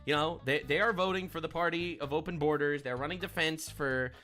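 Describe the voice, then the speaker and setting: A man's voice: a little high, a little fast, pushed and bright, soft background music. A man streaming live, talking politics in an emphatic, preachy way and often asking "all right?".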